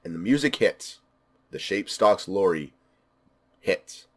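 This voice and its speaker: Lower-pitched man giving an eager film review. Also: expressive, slow pace. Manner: enthusiastic, emphatic repetition. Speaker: movie reviewer. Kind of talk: casual spoken film review.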